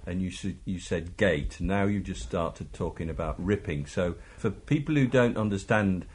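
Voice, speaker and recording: Interviewer guy, really deep raspy voice, keeps asking him to explain stuff. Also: normal speed. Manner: probing, asks for plain explanations. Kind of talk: oral history interview.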